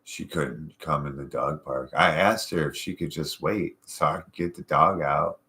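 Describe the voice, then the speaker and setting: A man's voice: very deep voice, normal speed, pushed and bright. A man hosting a casual chat show, telling profane, rambling stories from his life. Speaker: podcast host.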